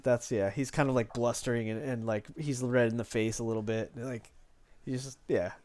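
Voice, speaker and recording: A man narrating a tabletop game as game master, at an average pitch. He rambles loosely, with plenty of fillers and restarts along the way. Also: steady tone, normal speed, a little mellow.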